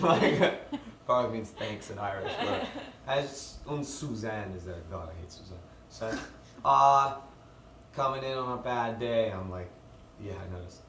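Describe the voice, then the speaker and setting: Laughing young man telling a story. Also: on the low side. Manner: animated storyteller, laughing, acting out quotes. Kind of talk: casual chat. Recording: roomy, distant mic, noisy background.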